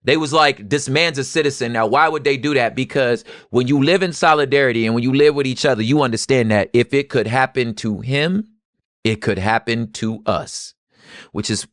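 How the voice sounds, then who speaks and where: A young adult man gives animated, casual history commentary. His talk jumps from low murmured asides to loud, heated bursts. The recording is dry and close, with no room sound. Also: normal speed, dry recording. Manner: animated, swings from quiet asides to loud street-talk outbursts. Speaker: podcast co-host.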